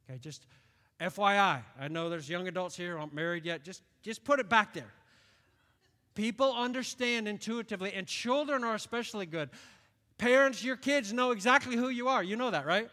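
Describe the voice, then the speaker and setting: Man, late 50s, from upstate New York, pastor, animated sermon, bright ringing tone, long hall reverb. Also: sits high, brisk. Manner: animated storytelling, acts out quoted voices.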